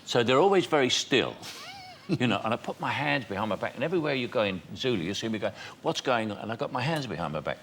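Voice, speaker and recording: A man's voice: medium pitch, big pitch swings, fast, a bit bright, a little hiss or hum. An older man, a talk show guest, telling chatty stories and acting out quoted dialogue with frequent laughs. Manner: chatty storyteller, quoting dialogue, laughing often.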